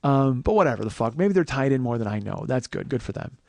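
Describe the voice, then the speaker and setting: A man tells a comic story on his podcast, his voice gravelly with a lot of fry. He rambles and swears freely, and his delivery is loose and animated. The recording is dry and close, with no room sound. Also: mid-range voice, fast, no echo. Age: 40s. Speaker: podcast host. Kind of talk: comedic storytelling monologue.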